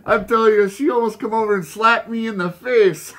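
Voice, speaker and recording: A man's voice: normal speed, pauses often, noisy background. A man hosting a vinyl record channel, telling mock news jokes and chatting about his finds, laughing at his own gags. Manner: goofy, laughs at his own jokes, lively pitch swings. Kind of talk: casual joking news segment and haul chat.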